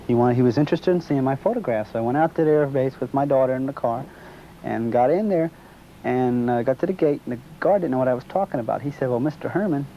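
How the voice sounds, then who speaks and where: A man's voice: mid-range voice, fast. A man being interviewed, telling a long personal story in a casual way and acting out the dialogue he remembers. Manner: animated retelling, acts out quoted dialogue. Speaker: interviewee recounting a sighting. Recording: muffled lo-fi recording, faint background noise.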